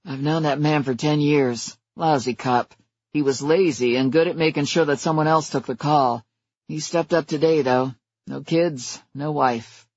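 A man reading the part of a weary police sergeant who speaks grimly in short, quiet sentences. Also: steady tone, measured pace, breathy edge, no echo, muffled recording. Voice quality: grim, low-spoken.

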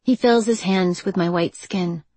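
A woman narrating a first-person romance audiobook in an expressive, breathy style. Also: fairly low pitch, measured pace, no echo.

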